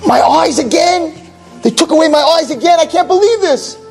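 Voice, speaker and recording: A man voicing a frantic blind old hospital patient who shouts in a high, panicked voice. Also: animated, moderate pace, gravelly, soft background music, full character voice.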